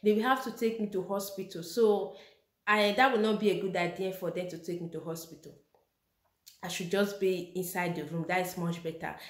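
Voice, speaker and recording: A woman's voice: lowish voice, fairly even intonation, normal speed. Young female vlogger, chatty and laughing, recorded in an echoey room. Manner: chatty, laughs often while telling. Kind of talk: casual personal storytelling.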